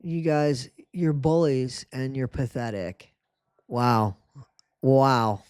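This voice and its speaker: A man's voice: medium pitch, steady tone, slow, darkish tone, smooth, no echo, clean studio sound. A man hosting a commentary channel, reacting indignantly and scolding the people he addresses.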